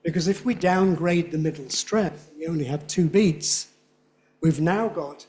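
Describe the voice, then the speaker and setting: A man giving a lively conference lecture, often checking in with his audience. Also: on the high side, a little slow. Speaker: linguistics lecturer.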